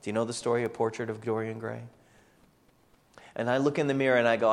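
A man preaching from the pulpit, his voice carried by a long, ringing hall reverb. He sits at an ordinary middle pitch and keeps things animated, slipping into the voices of the people he quotes. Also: quick pace, vocal fry. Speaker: pastor. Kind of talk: sermon.

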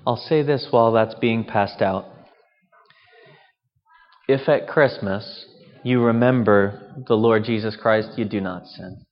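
A man's voice: on the low side, takes it slowly, long pauses. A male pastor giving a conversational communion sermon, asking rhetorical questions. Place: church. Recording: dull reverberant hall sound.

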